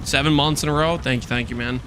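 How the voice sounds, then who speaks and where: A man's voice: a little high, steady tone, fast, fairly bright tone, slight background noise. A man streaming a game, chatting and joking with his chat while walking on a treadmill. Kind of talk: casual live-stream chat.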